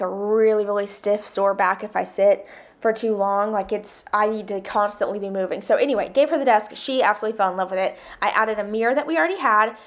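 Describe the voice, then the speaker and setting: A woman, chatting casually in a home vlog, rambling with lots of fillers. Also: medium pitch. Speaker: vlogger.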